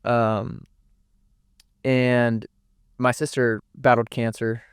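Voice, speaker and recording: A young man speaks in a smooth, resonant voice that stays fairly level in pitch. He tells a personal story as an interview guest, rambling and emotional, restarting his sentences and cursing often. The sound is dry and close, with no room echo. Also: flat delivery, extremely slow. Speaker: podcast guest.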